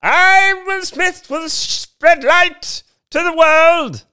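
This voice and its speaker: A man's voice: very high-pitched, very slow, bright, forceful tone, voice pushed up, exaggerated voice. A South African man mocking a pompous, self-important celebrity proclaiming his calling. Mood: grandiose.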